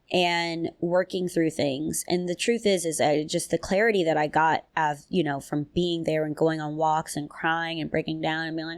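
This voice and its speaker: Low-voiced chatty woman podcaster. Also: dry recording, clean studio sound. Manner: chatty and animated, quick jumps in pitch, laughs often, loose slang. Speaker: podcast host. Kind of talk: casual solo podcast chat.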